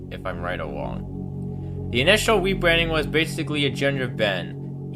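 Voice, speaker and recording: A man at a middle pitch reads a scripted commentary narration, measured and accusatory. Clear music plays behind him throughout. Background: background music.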